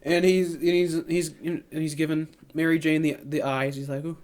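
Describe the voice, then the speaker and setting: A man with a slightly high voice runs through a movie plot in loose, rambling podcast chat. He stumbles over his words and keeps breaking into silly impressions of the characters. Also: flat delivery, normal speed, darkish tone. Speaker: podcast co-host. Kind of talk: casual movie recap chat.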